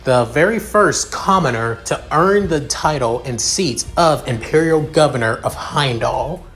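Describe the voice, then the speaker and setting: A man voicing a haughty young male noble heir who speaks in a cool, measured, condescending way. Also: medium pitch, lively intonation, fairly bright tone.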